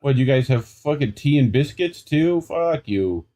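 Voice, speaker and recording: A man's voice: mid-range voice, lively intonation, a little slow, mellow. A young adult man co-hosting an independent news show, reading stories aloud and breaking off into sarcastic, riffing asides. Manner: sarcastic, riffing asides between quoted passages. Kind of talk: casual commentary reading news items.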